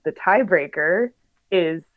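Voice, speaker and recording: A woman's voice: lowish voice, lively intonation, slow pace, phone-quality sound. A young woman, a professional bike racer, chatting casually in an interview with lots of fillers and laughs. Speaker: pro bike racer guest.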